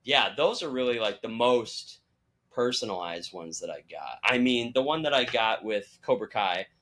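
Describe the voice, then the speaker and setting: A young man hosts a relaxed chat show and tells his stories with animated energy. His voice is bright and forceful, and he sits in the middle range for pitch. He acts out the people he quotes as he goes. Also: normal speed. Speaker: podcast host. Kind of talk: casual chat.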